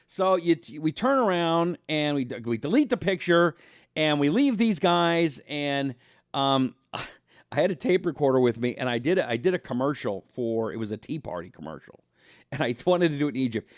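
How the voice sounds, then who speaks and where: A man hosting a talk show, delivering a casual monologue as an animated storyteller who speaks straight to his audience. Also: a little high, moderate pace, dry recording, studio quality. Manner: animated storyteller, acts out voices, talks directly to the audience.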